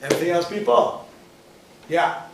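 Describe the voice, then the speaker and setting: A man teaching a class as a rabbi, animated and questioning, acting out quoted people. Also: fairly high pitch, a little slow. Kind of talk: lively lecture with questions to the audience. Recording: echoey room, mic at a distance, faint noise.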